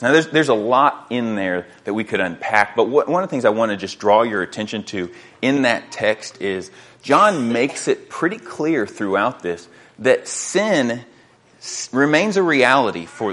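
Man, pastor, sermon, earnest, stumbling restarts, mid-pitched voice. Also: a bit bright. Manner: earnest, repeats words while thinking, reads scripture aloud.

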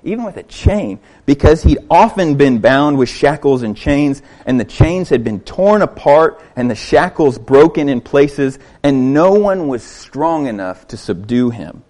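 Man preaching an animated sermon. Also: medium pitch, unhurried, few pauses. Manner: animated storytelling with rhetorical questions and repeated words. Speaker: pastor.

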